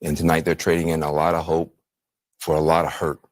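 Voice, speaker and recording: A man with a very low voice giving earnest TV commentary, measured and heartfelt. The sound is dry and close, with no room echo. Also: monotone. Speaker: TV political commentator. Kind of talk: solemn broadcast commentary.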